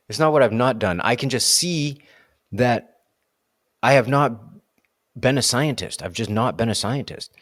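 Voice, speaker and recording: A man's voice: mid-range voice, no room sound, clean studio sound. A man talking through his thoughts in a candid solo vlog, rambling and self-questioning, leaning on "like" and "right?". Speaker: vlogger. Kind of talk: reflective solo monologue.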